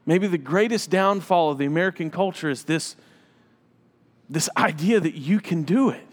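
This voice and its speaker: High-voiced emphatic male preacher. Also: normal speed, big-room sound. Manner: emphatic, repeats phrases for effect. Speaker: pastor. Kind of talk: sermon.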